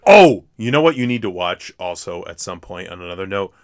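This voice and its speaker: A man co-hosting a podcast, chatting casually and relaxed about movies with quick asides. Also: sits low, dry recording, clean studio sound. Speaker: podcast co-host.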